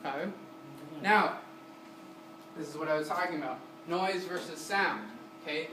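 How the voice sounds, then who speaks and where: A man's voice: a little high, normal speed. A man teaching a music lesson to a class, quizzing students and singing short syllables to demonstrate. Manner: energetic, keeps asking the class questions. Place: community center room. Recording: roomy, distant mic with room noise.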